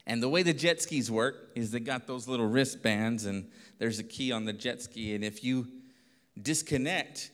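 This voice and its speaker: A pastor telling a lively story in a sermon, acting out voices and laughing often. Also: male voice, medium pitch. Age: adult. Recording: long reverb of a hall.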